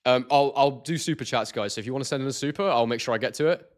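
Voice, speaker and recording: A man hosting a live boxing stream, chatty and excitable, reading out viewers' chat messages. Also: mid-range voice, quick pace.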